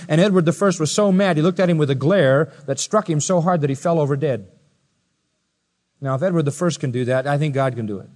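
A preacher delivering a sermon, firing rhetorical questions at listeners, swinging from loud high exclamations to quiet low asides. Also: male voice, in a large hall. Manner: emphatic, rising to loud high-pitched exclamations then dropping quiet.

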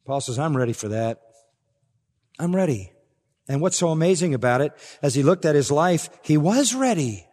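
Older male pastor, expository sermon, slightly high-pitched, hall reverb. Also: big pitch swings, moderate pace, darkish tone. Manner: expository preaching, swells with emphasis. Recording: long reverb of a large hall.

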